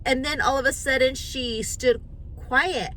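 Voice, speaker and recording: Bright-voiced woman telling a story. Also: high voice, unhurried, slight background noise, rough recording. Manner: animated, acts out quotes, many restarts. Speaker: vlogger. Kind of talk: casual storytelling to camera.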